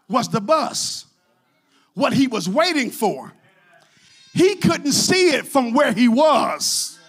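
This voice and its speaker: A male pastor preaching a sermon in a church, shouting in rhythmic, repeated phrases. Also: very high voice. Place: church sanctuary.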